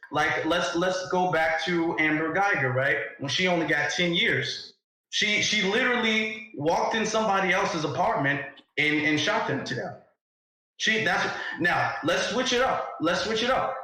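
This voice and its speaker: A man's voice: sits high, bright, forceful tone. Insistent man debating in an echoey room. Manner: insistent, pressing questions. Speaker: live stream host. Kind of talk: heated debate.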